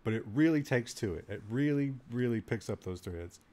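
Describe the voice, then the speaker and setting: A man's voice: medium pitch, animated, moderate pace, warm tone. Amused man reading a text game aloud. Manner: amused, laughing asides. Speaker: streamer playing a text adventure.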